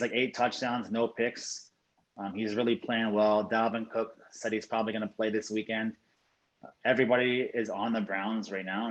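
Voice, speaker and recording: A man from South Florida, a professional sports bettor, giving his picks as a podcast guest in a steady, measured way with frequent "you know" and "um". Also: fairly low pitch, low-quality recording. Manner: steady, measured, uses 'you know' and 'um' often. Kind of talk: casual podcast interview.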